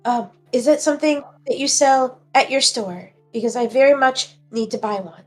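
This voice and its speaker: Woman playing a polite young adventurer, formal, hesitant, high voice, tabletop game. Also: normal speed, faint music behind, close to an everyday voice. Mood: earnest.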